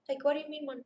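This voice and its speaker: A young woman from Romania hosts a relaxed live stream, bubbly and gushing as she answers her viewers. Her voice sits high, and a sore throat is bothering her. The room around her gives a roomy echo. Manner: bubbly, gushing, chatty, replying to chat aloud. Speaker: livestream host.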